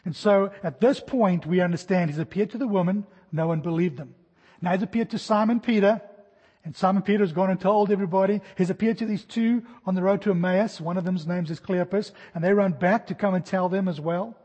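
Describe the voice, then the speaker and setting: A man in his forties preaching an expository sermon, animated, acting out the jumps and shouts of his stories. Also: high-pitched, a little fast, breathy edge, long reverb tail. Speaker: pastor.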